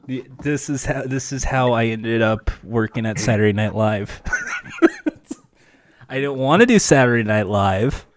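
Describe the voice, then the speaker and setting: A man's voice: mid-range voice, unhurried, background noise. A man in casual comedic chat as a podcast co-host, rambling and joking.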